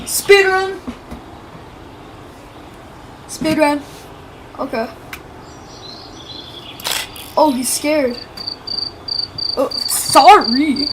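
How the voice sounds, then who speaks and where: A young woman streaming a game, excitable, shrieking and mock-crying when things go wrong, then muttering low to herself. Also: very slow, long pauses, background noise. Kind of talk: live gaming stream commentary. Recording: game music loud behind the voice.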